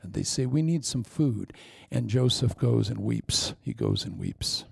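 A man preaching a sermon, telling a story with lively asides, acted-out lines and sound effects. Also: medium pitch, measured pace, creaky, breathy edge.

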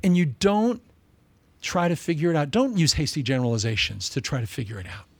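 A male pastor preaches in a lively, chatty way with a fairly high voice that swings up and down. He repeats phrases for emphasis and drops into jokes. The sound is close and dry. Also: a little fast, breathy edge, no room sound. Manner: animated, humorous, conversational, with repetitions. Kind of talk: sermon.

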